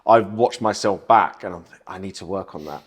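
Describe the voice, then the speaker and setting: A man's voice: deep voice, moderate pace, breathy edge. A man with a southern English accent, co-hosting a casual podcast chat and talking in a thoughtful way with many filler words and restarts. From southern England. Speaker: podcast co-host.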